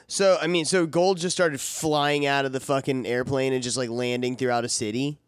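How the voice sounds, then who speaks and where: A man with a mid-range, steady, resonant voice speaks at a moderate pace, recorded clearly in a dry, clean studio. As a podcast co-host, he chats casually, swears, rambles and laughs.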